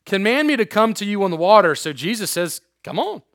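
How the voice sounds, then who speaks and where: High-voiced man preaching with jokes. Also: quick pace, no echo, studio quality. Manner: casual, animated storytelling with jokes. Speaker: youth pastor. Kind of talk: sermon.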